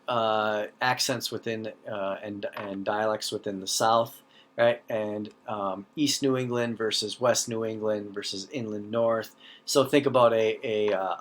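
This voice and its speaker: A man's voice: lowish voice, fairly bright tone, a little hiss or hum. A middle-aged man from the North Central United States with an Upper Midwest accent and long O's, lecturing in a conversational way, often checking in with "right?" and restarting his sentences. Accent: Upper Midwest American. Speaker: teacher. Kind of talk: recorded lecture.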